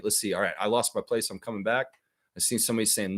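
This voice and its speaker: Animated man hosting a live sports stream. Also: medium pitch, breathy edge. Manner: animated, excitable, quick to laugh at his own bits. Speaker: livestream basketball show host. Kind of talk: casual live-stream chat reading comments.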